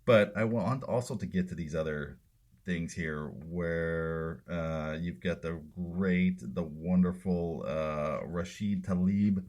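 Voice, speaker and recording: A man's voice: deep voice, darkish tone. A man hosting a political commentary podcast, sarcastic and drawling, hesitating often. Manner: sarcastic, drawling, halting with fillers. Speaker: host.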